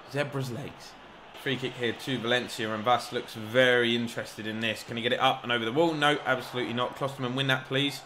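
Over a football video game, a young male gaming YouTuber rambles excitedly in live commentary, yelling encouragement at players and poking fun at himself. His voice is medium-pitched, and there's a little hiss or hum.

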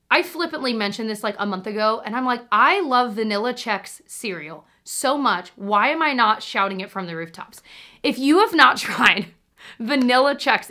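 A woman in her thirties talks straight to camera about things she loves, in a loose, rambling way full of asides. Her voice is bright and ringing, and her delivery bubbly. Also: a little high. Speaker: vlogger. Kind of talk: casual monthly favorites chat.

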